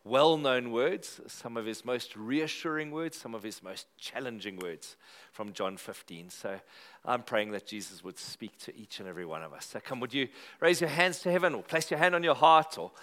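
A man's voice: mid-range voice, expressive, normal speed, fairly bright tone. A South African man preaching at a church service. He chats and jokes with the congregation in an easy, conversational way, then moves into earnest prayer. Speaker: pastor. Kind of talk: sermon opening and prayer to a live congregation.

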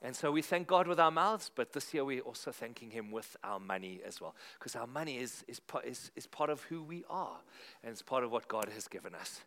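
A middle-aged pastor, preaching a sermon. His delivery is conversational and lively, and he drives his points home through emphatic repetition. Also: mid-range voice, a little fast.

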